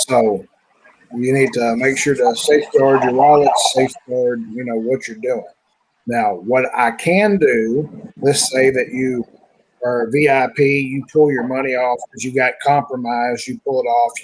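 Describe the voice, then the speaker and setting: A man's voice: medium pitch, steady tone, moderate pace, breathy edge, poor audio. Casual man fielding audience questions. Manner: loose, repeats "like I said". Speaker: platform developer answering questions. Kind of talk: live online Q&A.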